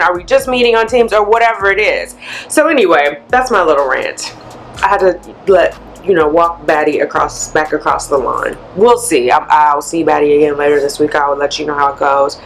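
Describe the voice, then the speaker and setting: A woman vlogger chatting candidly to camera, a blunt and animated storyteller letting off steam. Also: lowish voice, a little hiss or hum. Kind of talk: candid vlog chat.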